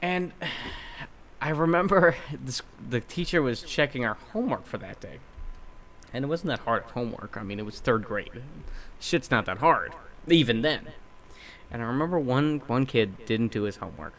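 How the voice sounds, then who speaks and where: Young male podcast co-host, animated, swears, performs quoted lines loudly. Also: medium pitch, moderate pace. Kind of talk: casual storytelling chat.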